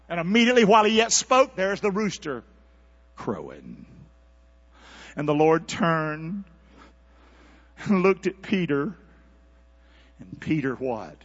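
A man's voice: high voice, big pitch swings, measured pace, pauses often. Folksy preacher man on a humming lo-fi recording. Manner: call-and-response, coaxing the congregation to repeat along; swings between hushed, intimate asides and loud, rising calls. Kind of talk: sermon. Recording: dull lo-fi recording with mains hum.

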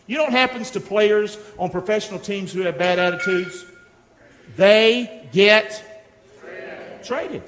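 High, lively preacher in a hall. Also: male voice. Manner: exhorting, call-and-response with congregation. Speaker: pastor. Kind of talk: sermon. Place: church sanctuary. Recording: echoey hall, long reverb.

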